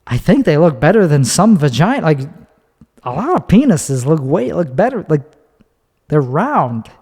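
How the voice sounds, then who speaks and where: A man hosts his own podcast alone, talking on his feet in a loose, profane, opinionated ramble. His voice sits a little high for a man. The sound carries a long reverberant tail. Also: big pitch swings, normal speed, darkish tone, husky. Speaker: podcast host. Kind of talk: solo podcast monologue. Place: recorded standing up.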